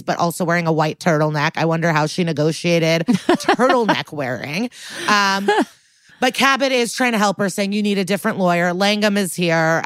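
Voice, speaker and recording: Woman co-host, lowish voice, dry close sound; chatty, blunt, curses a lot. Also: smooth, dry recording. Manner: animated, blunt, swears freely, many likes and ums. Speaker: podcast co-host. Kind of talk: casual recap chat.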